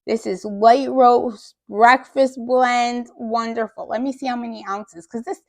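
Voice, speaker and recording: Gravelly-voiced woman chatting to viewers. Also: on the high side, fairly even intonation, unhurried, darkish tone. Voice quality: rough, gravelly voice. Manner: chatty and joking, with small asides. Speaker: vlogger unpacking a food bank haul. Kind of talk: casual chat to viewers.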